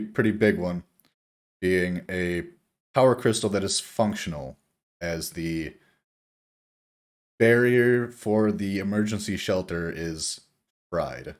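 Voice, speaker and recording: A man running a tabletop game as game master, narrating casually with laughs and swearing. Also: on the low side.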